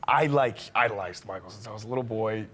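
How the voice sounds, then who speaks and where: A man's voice: on the low side, quick pace, breathy edge. Man telling a story, laughing. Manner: excited, laughing often, tumbling restarts. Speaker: guest. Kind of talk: casual anecdote.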